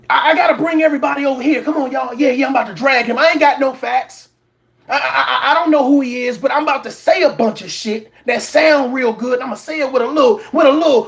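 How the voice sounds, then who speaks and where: A man's voice: very high voice, animated, brisk, a bit bright. A man hosting a reaction commentary show, preaching at his audience, repeating words for emphasis and mocking others in put-on voices. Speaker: commentary channel host.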